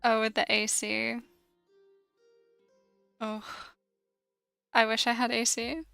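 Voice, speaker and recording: A woman's voice: a little high, level tone, takes it slowly, gravelly, bright, forceful tone, clear, resonant tone, no echo, faint music behind. A young British woman from the UK chatting casually and rambling while she draws on a stream, laughing often. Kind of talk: casual chat while drawing.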